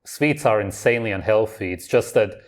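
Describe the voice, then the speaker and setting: A man's voice: lowish voice, moderate pace. A man hosting a reaction video, commenting on clips in a blunt, dismissive, contrarian way.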